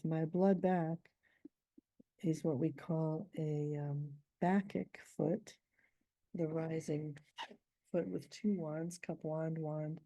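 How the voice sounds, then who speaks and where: A middle-aged woman poet, reading her poem slowly and then explaining its meter in a thoughtful, measured way. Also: low-pitched, steady tone, creaky, mellow, no room sound.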